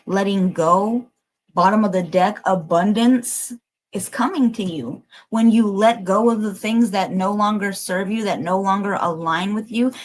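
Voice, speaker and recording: A woman's voice: medium pitch, poor audio. A woman giving a livestreamed collective tarot reading, emotional and emphatic, urging listeners on and swearing casually. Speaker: tarot reader.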